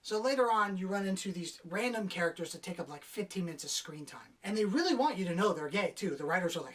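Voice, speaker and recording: A woman's voice: on the low side, lively intonation, quick pace, hardly any pauses, far from the mic, a little hiss or hum. A woman giving a casual, sarcastic movie review, swearing freely and mocking the characters. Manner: sarcastic, profane, acts out characters' lines. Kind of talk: casual spoken film review.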